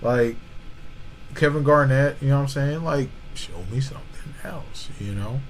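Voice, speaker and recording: Faint music plays behind a podcast co-host as he debates basketball in slangy, casual talk, often tossing in "you know what I'm saying." His voice is medium-pitched at normal speed, and the recording quality is low.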